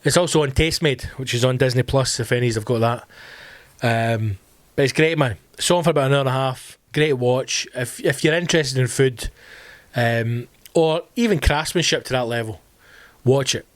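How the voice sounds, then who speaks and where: Man, Glasgow accent, solo podcast host, animated and sweary, medium pitch, dry close sound. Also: moderate pace, dry recording. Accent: Scottish, Glasgow. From Scotland. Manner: animated, swears freely, addresses listeners as team. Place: home during lockdown.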